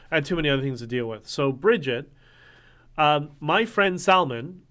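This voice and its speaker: A man hosting a casual livestream, talking in an animated, ranting way and swearing now and then. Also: medium pitch, clean tone. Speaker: livestream host.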